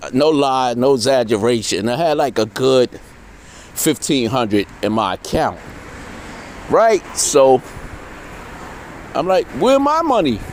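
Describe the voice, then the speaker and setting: Animated, foul-mouthed man telling a story. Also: mid-range voice. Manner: animated, swears constantly, voices characters in quotes. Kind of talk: profane street storytelling.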